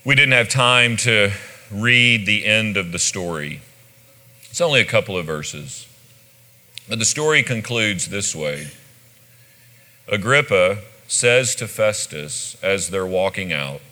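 A man preaching a sermon as pastor, telling the story with animated delivery and acting out the quoted lines. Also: sits low, a little slow. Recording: long hall reverb.

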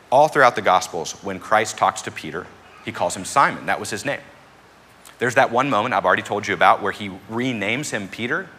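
A male pastor delivers a conversational sermon with a fairly low but bright, forceful voice. He punches key phrases and then settles back into a quieter explaining tone, with a faint background hum. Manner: conversational preaching with emphatic rises.

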